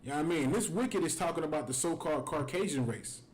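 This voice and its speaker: A man's voice: a little high, lively intonation, fast, a little mellow, poor audio. A man from the United States giving an angry, conversational scripture breakdown on a livestream, filling his talk with "man". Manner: heated, conversational preaching with frequent "man". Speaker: scripture teacher.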